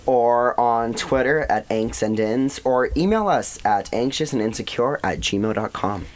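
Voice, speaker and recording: Brief: young American male co-host, laughs easily, teases himself, mid-pitched. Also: a little slow. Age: young adult. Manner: giggly, playful, self-mocking. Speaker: podcast co-host. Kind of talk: casual chat.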